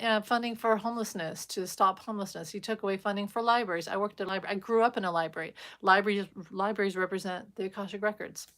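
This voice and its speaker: A woman's voice: mid-range voice, a bit bright. A woman giving a rambling, emphatic livestream monologue as a spiritual vlogger, talking casually and breaking into short laughs.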